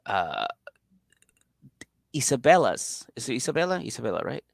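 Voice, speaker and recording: Co-hosting a podcast, a man recaps a reality show in casual chat, swearing, laughing a lot and animatedly acting out the people he quotes. His voice is medium-pitched and gravelly at a moderate pace, in a dry, clean studio recording.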